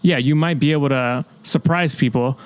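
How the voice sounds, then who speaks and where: A man's voice: mid-range voice, normal speed, dry recording. A man co-hosting a podcast, reasoning aloud in casual chat. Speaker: podcast co-host.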